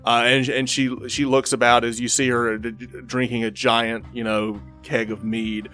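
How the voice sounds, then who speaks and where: A man's voice: mid-range voice, flat delivery, normal speed, fairly bright tone. Guy game-mastering a tabletop game, rambly, uh uh, faint music behind. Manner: rambling, many fillers and restarts.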